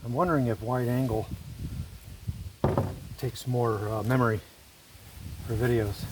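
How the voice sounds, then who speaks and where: A man's voice: medium pitch, fairly even intonation, a little slow, pauses often. Guy in his woodshop talking thru each step as he stains, clicks and shop noise behind. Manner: thinks aloud, explains each step as he goes. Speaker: woodworker and video host. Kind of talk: casual workshop narration while working.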